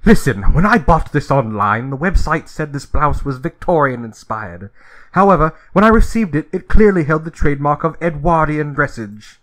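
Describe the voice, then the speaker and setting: A man voicing a snooty older British gentleman in a put-on British accent, pompous and fussy. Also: on the high side, animated, normal speed, close to an everyday voice. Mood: haughty. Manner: pompous, indignant.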